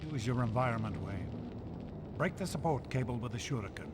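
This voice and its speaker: A man's voice: medium pitch, animated, a little fast, natural voice. A man voicing a grave, commanding mentor character training a young warrior in a video game. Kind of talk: game cutscene voice acting. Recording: game audio with loud background noise.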